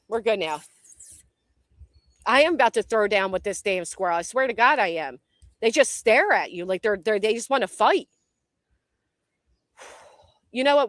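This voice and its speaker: A woman's voice: mid-range voice, a bit bright, no echo, clean studio sound. A woman hosting a casual commentary livestream outdoors by a tree, jumpy and swearing a lot as she talks to her chat.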